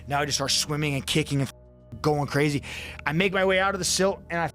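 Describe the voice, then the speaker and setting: A man's voice: fairly high pitch, fast, a bit bright, soft background music. A man telling a story as a podcast guest, casually and vividly, acting out his own thoughts and swearing freely.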